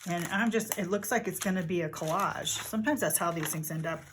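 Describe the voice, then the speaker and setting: A woman's voice: on the low side, a little fast, noisy background. Older woman rambling over her crafting. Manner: rambling, thinks aloud while working. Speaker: journaling vlogger. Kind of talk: casual crafting narration. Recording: paper crinkling heard in background.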